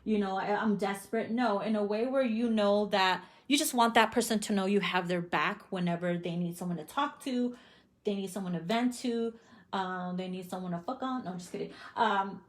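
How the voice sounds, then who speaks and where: A woman's voice: mid-range voice, moderate pace. A woman giving a casual tarot reading, swearing freely and laughing often. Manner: profane, bubbly, laughs often. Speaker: tarot reader.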